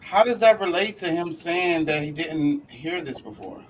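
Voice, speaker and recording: A man in a casual online talk, asking slow follow-up questions. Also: on the high side, expressive. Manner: slow, questioning, laughing along. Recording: distant mic with clear noise.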